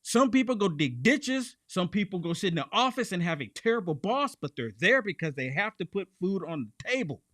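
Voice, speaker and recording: A man's voice: high voice, brisk, hardly any pauses, no room sound. Fired-up guy ranting on his show, voice jumps all over, dry mic, keeps repeating for punch. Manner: animated, emphatic, repeats phrases for punch. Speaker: political commentary host. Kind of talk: heated political commentary.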